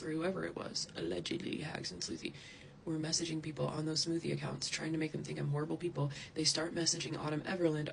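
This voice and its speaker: A woman's voice: low voice, gravelly, slight background noise, rough recording. A woman ranting angrily straight to camera, heated and profane, wandering off into asides. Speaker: social media creator. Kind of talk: angry direct-to-camera rant.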